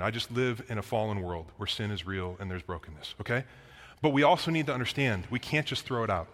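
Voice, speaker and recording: A man's voice: medium pitch, a bit bright. Man preaching in a reverberant hall. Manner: conversational preaching, reading scripture aloud. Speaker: pastor. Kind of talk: sermon.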